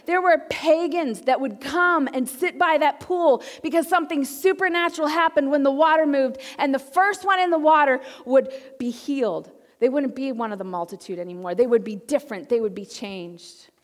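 A woman preacher delivers an impassioned sermon in a high, bright voice. She pushes hard on her points and then drops to a near hush to draw the listener in. Her words ring out with a long reverb in a large sanctuary. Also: normal speed, few pauses. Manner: impassioned, swings from loud urging to hushed intimacy.

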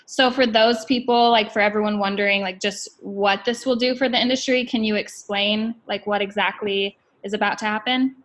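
A woman's voice: medium pitch, fairly even intonation, moderate pace, few pauses, fairly bright tone. A woman interviewing a guest in casual chat, asking loosely phrased questions.

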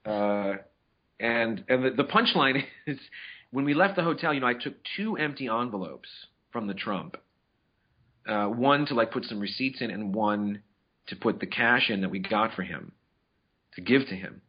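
A man's voice: mid-range voice, animated, moderate pace, slightly rough. A man hosting a podcast, telling a long story in casual chat, with frequent restarts. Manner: rambling storyteller with many restarts, acts out quotes. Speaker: podcast host. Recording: dull lo-fi audio.

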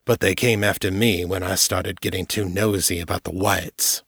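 A male narrator voicing a weary captive man who drawls in a deep bass voice. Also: steady tone, moderate pace, fairly bright tone, no echo, clean studio sound, exaggerated voice. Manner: drawling, gruff.

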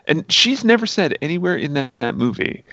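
A man in casual chat with a gravelly, creaky voice, recounting a film scene by scene with plenty of fillers and acted-out quotes. The recording sounds dry and a bit dull. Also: on the high side, a little fast, dry recording. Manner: animated storyteller, many fillers.

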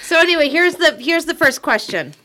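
Bright, giggly woman on a podcast. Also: very high-pitched, expressive, fairly quick. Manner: giggly, reads out questions. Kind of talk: casual podcast chat.

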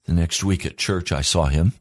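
A man's voice: sits low, normal speed, husky, no echo, studio quality. A man preaching a sermon as a pastor, in an earnest, emphatic cadence built on repeated phrases.

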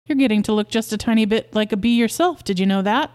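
A woman's voice: fairly high pitch, fast talker, a little mellow, clean tone, lightly acted. A woman reading a story aloud, voicing an anxious, fussing young mother who scolds primly. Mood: fretful. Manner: fretful, prim scolding.

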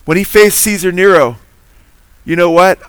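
A man's voice: high-pitched, normal speed, clear, resonant tone, no echo. Emphatic preacher man, dry sound. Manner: earnest, emphatic, quizzes listeners with Bible trivia. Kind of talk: sermon.

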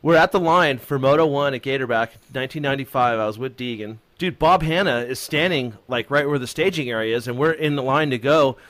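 A man appearing as a guest on a casual show, telling stories with animated quoted voices and some swearing. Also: mid-range voice, a little fast, hardly any pauses, no room sound. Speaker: studio guest. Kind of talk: casual storytelling.

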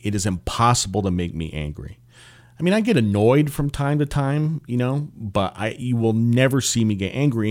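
A man's voice: on the low side, a little mellow. Candid man talking solo on his podcast. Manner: candid, opinionated, conversational with asides. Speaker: podcast host. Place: home office.

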